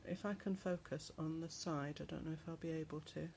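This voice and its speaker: A woman's low-pitched, steady, darkish voice with vocal fry guides a casual show-and-tell of her handmade travel journal. She's a chatty crafter who takes her time and uses lots of ums, and a little hiss or hum can be heard.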